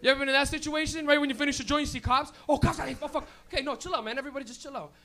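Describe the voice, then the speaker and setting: High-voiced young Canadian stand-up, bright. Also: male voice, steady tone, very fast. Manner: loud, rambling, laughing at own jokes. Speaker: stand-up comedian. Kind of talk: stand-up set. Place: comedy club, live audience.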